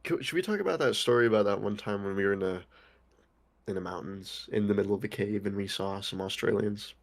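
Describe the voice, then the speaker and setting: A man's voice: lowish voice, quick pace, gravelly. A young man co-hosting a podcast in casual chat, rambling with lots of "like" and casual swearing. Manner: rambling, heavy use of "like", swears freely. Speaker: podcast co-host.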